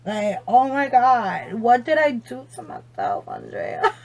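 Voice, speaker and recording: A woman's voice: on the high side, very animated, measured pace. A young woman vlogging as she does her makeup, swearing a lot and laughing often while chatting on the phone. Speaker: beauty vlogger. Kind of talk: casual makeup chat on the phone.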